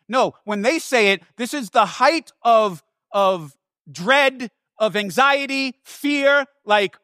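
A man with a high voice preaches a sermon, leaning hard on key words and repeating them for stress. He slips into casual asides and restarts now and then. The sound is dry and close, with no room around it. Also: measured pace, pushed and bright, no room sound.

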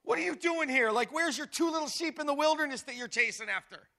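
A man's voice: extremely high pitch, quick pace, sharp tone, pitched above the performer's own voice, heavily acted. A man voicing a scornful older brother who sneers and asks mocking questions.

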